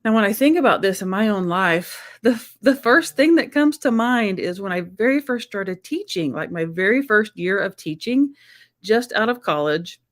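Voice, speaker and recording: A woman's voice: mid-range voice, animated, moderate pace. A woman hosting a live-streamed chat show, talking in an effusive, heartfelt way that is emotional and close to tears. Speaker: host.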